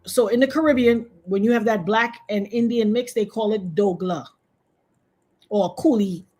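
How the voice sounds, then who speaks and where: A woman from Trinidad, a guest on a video-call interview, telling a story in an animated way and acting out the voices of other people. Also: moderate pace. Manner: animated, acts out quoted voices with big pitch jumps.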